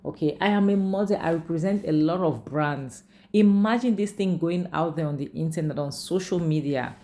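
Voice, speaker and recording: Woman recapping, voicing anxious young bride, pleading, warm tone. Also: low voice, normal speed. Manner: pleading, worried.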